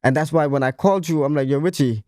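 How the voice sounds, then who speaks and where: A man's voice: a little high, quick pace, darkish tone, no room sound, studio quality. A man on a casual podcast, speaking earnestly and repeating phrases for emphasis. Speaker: podcast co-host.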